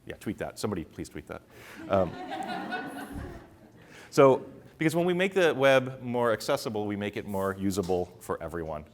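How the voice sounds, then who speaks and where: A middle-aged man giving a conference talk to a live audience, talking fast with many fillers and restarts. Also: lowish voice, sing-song, slight background noise. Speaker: conference speaker.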